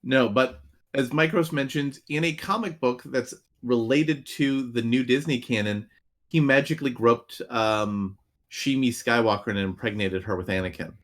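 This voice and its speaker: A man co-hosting a casual podcast chat, sarcastic and mocking as he picks apart a movie. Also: mid-range voice. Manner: sarcastic, animated, mocks scenes with quick voice shifts. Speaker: podcast co-host.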